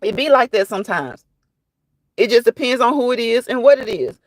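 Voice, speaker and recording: A fairly high-voiced woman talks casually on her live stream, reading out comments and answering them as they come. Her chatty delivery circles back and repeats phrases, and the sound is dry and close with little room echo. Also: lively intonation, fairly quick. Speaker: live-stream host reading viewer chat.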